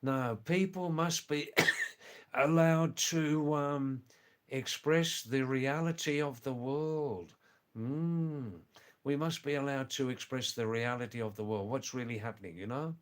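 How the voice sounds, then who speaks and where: A man with an accent sitting between British and Australian English hosts a live stream. He talks slowly and hesitantly, often repeating himself as he answers viewer comments. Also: mid-range voice, smooth. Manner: slow, hesitant, repeats phrases.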